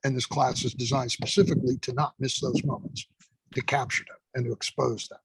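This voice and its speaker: A man guest on a podcast, a fire training instructor telling stories in an emphatic, profane, animated way. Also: mid-range voice, fairly quick, breathy edge, no echo, poor audio. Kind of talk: casual podcast storytelling.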